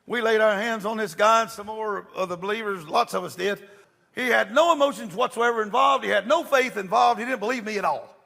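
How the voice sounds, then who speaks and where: An older man preaching, telling stories in an animated way that breaks into shouts and laughter. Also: high-pitched, fairly quick, vocal fry. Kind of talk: sermon storytelling.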